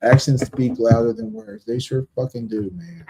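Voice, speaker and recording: A man's voice: mid-range voice, big pitch swings, moderate pace, noisy background. A man hosting a live tarot-reading stream, chatting bluntly and emphatically with frequent swearing.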